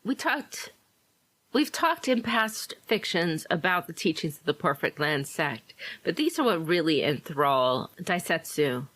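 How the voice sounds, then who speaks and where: A woman co-hosting a podcast, chatty and quick to laugh as she retells scenes. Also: sits low, sing-song, fairly bright tone, no room sound. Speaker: podcast co-host. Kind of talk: casual chat about game fiction.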